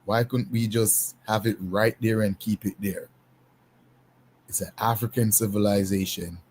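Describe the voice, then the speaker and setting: A man hosting a casual panel discussion, talking in an unhurried, emphatic way with frequent restarts. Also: on the low side, steady tone, darkish tone, a little hiss or hum. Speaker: panel host.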